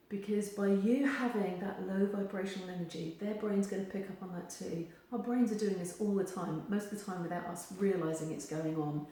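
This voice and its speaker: A woman gives advice straight to camera, animated and acting out the voices she quotes. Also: medium pitch. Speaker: therapist giving advice. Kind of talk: direct-to-camera advice video. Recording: very echoey room.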